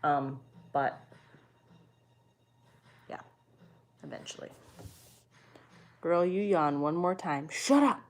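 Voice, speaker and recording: A woman's voice: low voice, slow pace, long pauses. A young woman streaming from home, chatting casually with her viewers, swearing freely and answering their comments. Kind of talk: casual chat.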